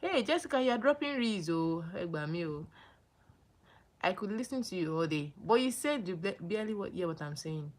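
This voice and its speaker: A woman's voice: lowish voice, fairly quick. A young woman from Nigeria hosting a casual livestream, greeting viewers by name and answering their comments, often repeating herself. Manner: animated, repeats names and phrases, greets viewers. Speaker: livestream host.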